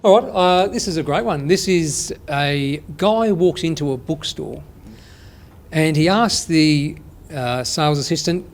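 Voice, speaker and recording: A man telling jokes on a comedy show, relaxed and casual, acting out the punchlines. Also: on the high side, measured pace, long pauses. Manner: relaxed storyteller, acts out the punchlines. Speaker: comedy show joke teller.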